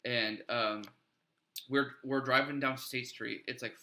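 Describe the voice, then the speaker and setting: A man co-hosting a podcast, telling stories in a swearing, animated casual chat. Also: mid-range voice, slow pace. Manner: swears freely, animated storytelling. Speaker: podcast co-host.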